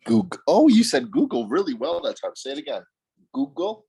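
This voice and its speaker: A man on a group video call with a toddler on his lap, talking in a doting and animated way. He coaxes the child to speak and describes her habits. His voice comes through a computer microphone. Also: mid-range voice, normal speed, slightly rough. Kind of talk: casual group video chat. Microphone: computer mic on a video call.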